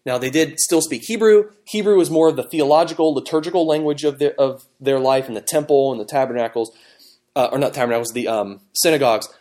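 A man teaching a Bible study class, talking in a conversational, animated way with fillers and restarts. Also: medium pitch, quick pace. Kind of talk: classroom Bible lesson with fill-in notes.

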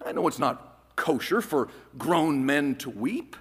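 A man preaching a sermon as pastor, emphatic, swinging from loud declarations to hushed phrases. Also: fairly high pitch, animated, a little slow, slightly rough, long reverb tail.

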